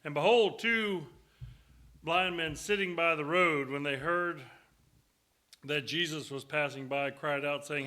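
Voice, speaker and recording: A middle-aged man preaches in a church, his voice bright and fairly high. He tells folksy, joking stories between Scripture readings, talking easily to the congregation. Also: measured pace. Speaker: guest preacher. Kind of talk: sermon with storytelling. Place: church sanctuary.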